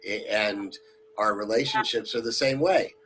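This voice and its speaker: A man's voice: lowish voice, unhurried, bright, forceful tone, a little hiss or hum. A man, a rabbi, hosting an online community talk, speaking loosely with many fillers as he makes announcements. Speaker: rabbi and host.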